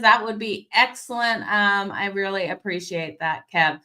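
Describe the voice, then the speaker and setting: A woman hosting a daily hockey betting show, talking straight to her viewers in an energetic, conversational way while losing her voice a little. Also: mid-range voice, unhurried. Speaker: sports betting show host.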